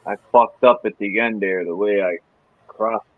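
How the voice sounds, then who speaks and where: A man's voice: on the low side, steady tone, normal speed. Male streamer, rambling casual host, tinny phone-like audio. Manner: loose, meandering, with frequent fillers.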